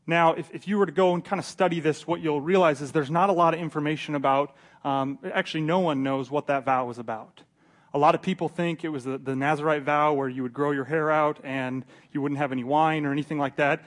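Chatty male Bible teacher, slightly high. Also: fairly even intonation, brisk. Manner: chatty and joking, repeats words, acts out scenes. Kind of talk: casual Bible study teaching.

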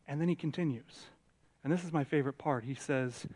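A man's voice: a little high, a little fast. A man in his thirties, a pastor, preaching a conversational sermon to a room of listeners and acting out the quotes he tells. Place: church sanctuary.

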